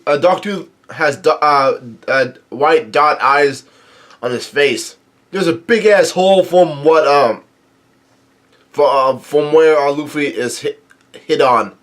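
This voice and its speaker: A young man casually recapping a comic chapter, halting often and correcting himself as he goes. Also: fairly high pitch, fairly bright tone. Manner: halting, many restarts and self-corrections. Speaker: manga reader and recapper.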